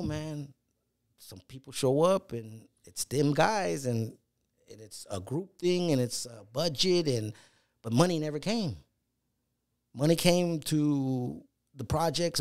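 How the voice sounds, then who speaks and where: A middle-aged man telling a story from his hard early days in music, acting out old phone calls and cursing freely. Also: medium pitch. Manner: animated storyteller, acts out phone calls, swears a lot. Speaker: rapper guest. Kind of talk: casual storytelling chat.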